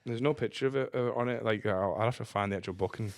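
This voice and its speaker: A man's voice: lowish voice, fast talker, no echo, clean studio sound. A man co-hosting a casual comedy podcast, rambling and trailing off with fillers. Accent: English. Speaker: podcast co-host. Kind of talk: casual chat.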